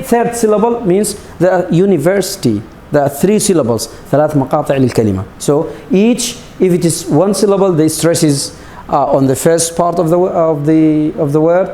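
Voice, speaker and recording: A man's voice: a little high, warm tone, roomy sound. A male English teacher, a native Arabic speaker, explaining a lesson with many restarts and repeated words, now and then adding Arabic glosses. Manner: repeats himself, stumbles, adds Arabic glosses. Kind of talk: recorded classroom lesson.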